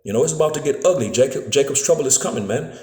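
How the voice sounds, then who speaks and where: A man's voice: mid-range voice, lively intonation, racing, darkish tone, reverberant. A man giving a casual, phone-recorded scripture lesson, filling his talk with "man" and "you know what I'm saying" and stumbling over repeated words. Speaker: preacher. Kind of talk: street-style scripture lesson.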